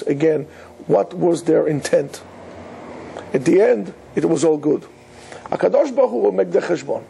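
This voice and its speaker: Gravelly-voiced rabbi giving an earnest lecture. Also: male voice, high voice, dark tone. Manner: earnest, emphatic teaching with Hebrew terms. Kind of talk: Torah lecture.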